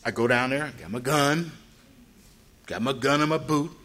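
An older man tells a personal story in a loose, rambling way, sprinkling in lots of "you know" asides. His voice is medium in pitch and moves at a normal speed, and he gets animated, raising his voice to act out the people he quotes.

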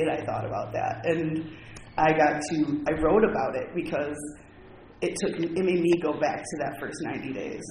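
A man's voice: on the high side, darkish tone. Candid man sharing his story, echoey room. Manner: candid, heartfelt storytelling with frequent "like". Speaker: recovery meeting speaker. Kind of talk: personal testimony to a group. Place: meeting room with an audience. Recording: echoey, noisy room recording.

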